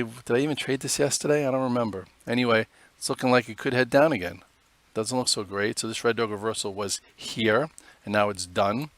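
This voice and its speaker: A man's voice: mid-range voice, a bit bright, dry recording. A man hosting a live stock trading show, giving casual, rambling commentary on charts with many fillers.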